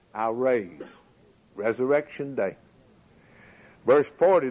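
A man's voice: mid-range voice, breathy edge, low-quality recording. A man preaching a sermon, building his points with rhetorical questions and a rising, emphatic cadence.

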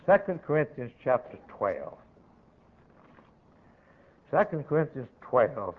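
A man preaching a sermon, emphatic, moving between loud declarations and quiet, dropped-off asides. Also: medium pitch, sing-song, slow. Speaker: pastor. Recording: tinny, narrow-band old sermon recording.

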